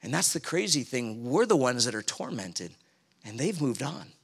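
A man's voice: medium pitch, very animated, normal speed, vocal fry, breathy edge. A man preaching a sermon in a conversational way, telling a story from his own life and acting out his anger.

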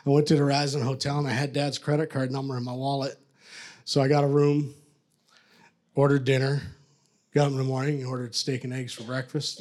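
A man's voice: mid-range voice, darkish tone. A man telling his own testimony from the pulpit as a preacher, a rambling, self-mocking storyteller who is from Canada.

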